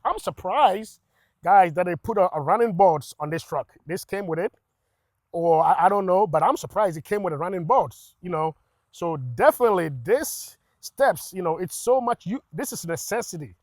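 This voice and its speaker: A man's voice: sits high, moderate pace, no echo, studio quality. Rambling man showing off his truck. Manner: rambling, repeats words and restarts, excited about mods. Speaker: truck vlogger. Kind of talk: casual walkaround commentary. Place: outdoors beside a pickup truck.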